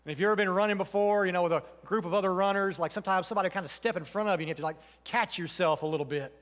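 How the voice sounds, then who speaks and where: High-voiced man preaching in a reverberant church. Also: very fast. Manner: earnest preaching, rising to emphatic questions then dropping soft. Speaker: pastor. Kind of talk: sermon. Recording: church hall with long reverb.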